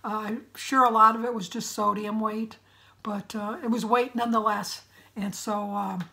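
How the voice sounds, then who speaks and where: A middle-aged woman from Michigan chatting in a casual vlog, her voice raspy and congested, clearing her throat often and apologizing as she rambles. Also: medium pitch, flat delivery, normal speed, bright, forceful tone. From Michigan, USA. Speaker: vlogger. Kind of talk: casual weight-loss update vlog.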